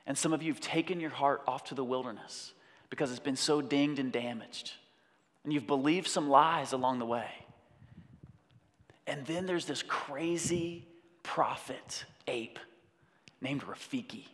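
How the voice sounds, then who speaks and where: A man preaching a sermon in an animated way, breaking off to act out voices. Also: a little high. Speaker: pastor. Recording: long hall reverb.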